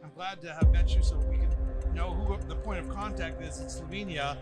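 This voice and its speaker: A man's voice: a little high, fairly even intonation, over loud music. A man hosting a podcast, talking in a chatty, playful way and interviewing guests at a conference. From United States. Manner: chatty, playful, quick bursts of talk. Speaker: podcast host. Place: busy conference venue.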